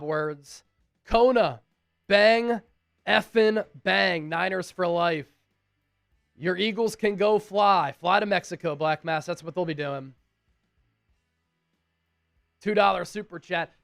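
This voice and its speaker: A man's voice: high voice, gravelly, no echo, clean studio sound. A man hosting a live sports stream in a casual way, reading out fan messages one after another and thanking each sender.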